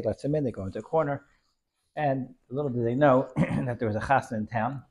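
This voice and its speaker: A man's voice: medium pitch, fairly quick, darkish tone, husky. A man telling a Hasidic story in an informal lesson, rambling with many restarts and dropping in Yiddish and Hebrew terms.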